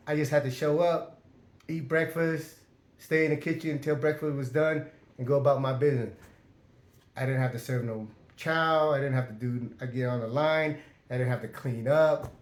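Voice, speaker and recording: A man in a middle-pitched voice tells a story casually, in streetwise, profane talk. He acts out the back-and-forth of quoted exchanges with his voice raised. The recording has a noticeable room echo. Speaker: storyteller recounting prison life. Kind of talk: casual first-person storytelling. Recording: roomy echo.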